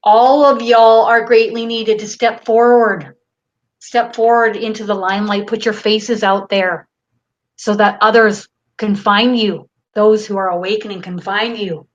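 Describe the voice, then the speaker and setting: A woman with a Canadian accent, hosting a live stream and reading viewer questions aloud in a casual, relaxed way. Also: medium pitch, unhurried, dull audio. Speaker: host.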